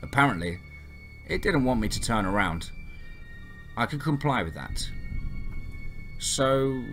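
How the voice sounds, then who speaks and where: Low-voiced male horror narrator, tense dramatic reading, soft music under. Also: very animated, moderate pace. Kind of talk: first-person scary story narration.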